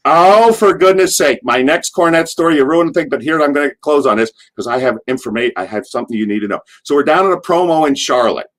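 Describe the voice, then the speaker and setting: A man's voice: mid-range voice, animated, fast talker, hardly any pauses, a bit bright. A man from Allentown, Pennsylvania, a wrestler, telling rambling backstage stories in an interview, swearing casually and restarting his sentences. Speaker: retired pro wrestler, interview guest. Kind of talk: rambling anecdotal storytelling.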